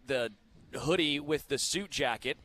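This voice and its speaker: A man's voice: medium pitch, measured pace, sharp tone, a little hiss or hum. A man co-hosting live sports radio, bantering in a playful, self-deprecating way.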